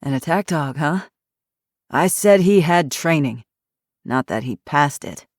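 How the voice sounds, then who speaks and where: A woman voicing a grumpy retired male detective in his sixties, hoarse, with a Yooper twang and curt, suspicious speech. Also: fairly high pitch, lively intonation, unhurried, no echo, clean studio sound. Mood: gruff. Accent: Yooper (Upper Michigan). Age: 60s.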